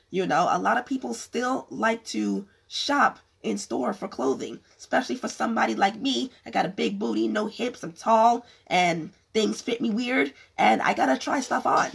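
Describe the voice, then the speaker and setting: A woman's voice: mid-range voice, moderate pace, creaky, few pauses, husky. A woman losing her voice, talking frankly to camera about business, rambling with many restarts. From California. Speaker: vlogger giving business advice. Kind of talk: casual talk to camera.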